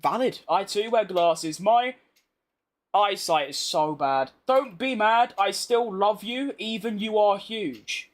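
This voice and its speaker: Speaking slowly in a high voice, a young man from Britain streams a racing game, offering casual commentary. He's chatty and blunt, reading his viewers' messages aloud and bantering with them.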